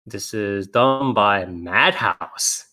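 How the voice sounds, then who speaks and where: A man's voice: on the low side, extremely slow, pushed and bright. A man hosting a casual podcast, reading out previews, laughing often and swearing casually. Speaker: podcast host.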